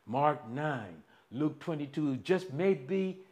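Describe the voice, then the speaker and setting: A man preaching a sermon, slow and deliberate, with dramatic swings between loud emphasis and near-quiet. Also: a little high, lively intonation.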